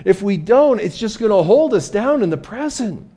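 A man's voice: sits high, sing-song, normal speed, warm tone, husky. A man preaching a sermon as pastor in a conversational way, often repeating words as he restarts.

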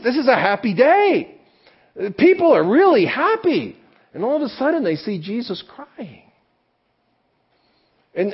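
A man's voice: on the high side, slightly rough. A man preaching a sermon as pastor, impassioned and pressing his listeners with rhetorical questions. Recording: dull lo-fi recording.

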